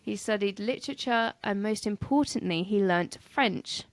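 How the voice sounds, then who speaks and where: A woman co-hosts a casual history podcast, telling the story while teasing her partner and tripping over names. Her voice sits at a middling pitch. The sound is dry and close. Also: normal speed, dry recording. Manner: teasing, laughs often, stumbles over names. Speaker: podcast co-host.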